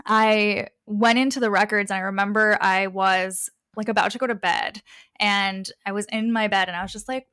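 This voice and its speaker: Animated young woman, dry close sound. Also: mid-range voice, moderate pace, smooth, no echo. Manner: animated, acts out quoted dialogue with laughter. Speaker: guest, spiritual reader. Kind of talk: casual interview chat.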